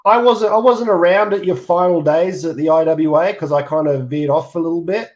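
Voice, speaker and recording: High-voiced male podcast co-host. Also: fairly quick. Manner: chatty, stumbling restarts. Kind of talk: casual podcast interview.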